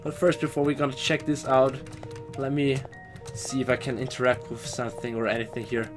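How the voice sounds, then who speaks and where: A young man giving let's play commentary on a horror game, animated, shouting and swearing when scared. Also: medium pitch, a little fast, music in the background. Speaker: gaming YouTuber.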